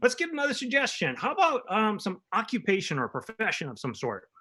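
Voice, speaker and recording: A man's voice: high voice, huge pitch swings, fairly quick, bright, forceful tone, husky. A man hosting an improv comedy show from home over a video call, explaining game rules upbeat.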